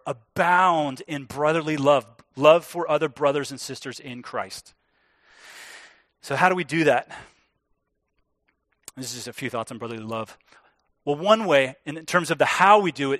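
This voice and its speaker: A man preaching a sermon as pastor, earnest and emphatic, slowing down to stress key words. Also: on the high side, fairly bright tone, dry recording, studio quality.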